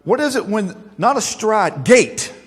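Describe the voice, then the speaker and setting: Folksy preacher in a reverberant hall. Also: male voice, high-pitched, very animated, unhurried, husky. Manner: folksy, joking, then earnest and emphatic. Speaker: pastor. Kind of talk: sermon.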